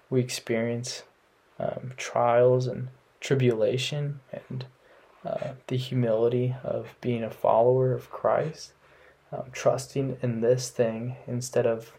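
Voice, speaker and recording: A young man hosting a casual faith podcast, talking in a relaxed, rambling way with many ums and restarts. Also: mid-range voice, gravelly. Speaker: podcast host. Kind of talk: casual devotional podcast talk.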